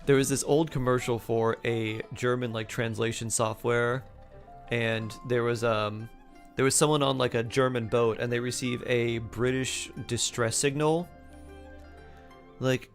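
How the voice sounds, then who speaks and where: This man's voice sits at medium pitch, with a steady tone and an unhurried delivery. He's streaming a game in a relaxed, chatty way, reading messages from chat out loud and humming or scatting between comments, with faint music behind him.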